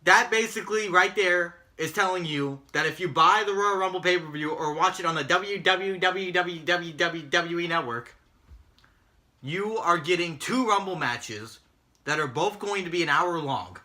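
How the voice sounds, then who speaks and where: Cast: male co-host, bright, somewhat high voice, exasperated and mocking rant delivery. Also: moderate pace. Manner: exasperated, mocking, swears often. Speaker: podcast co-host recapping wrestling. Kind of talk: casual profane rant.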